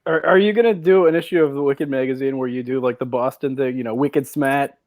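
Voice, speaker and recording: A man from Washington State, a freelance writer, telling stories in a relaxed way on a casual podcast. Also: mid-range voice, fast, no room sound. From Washington State, USA.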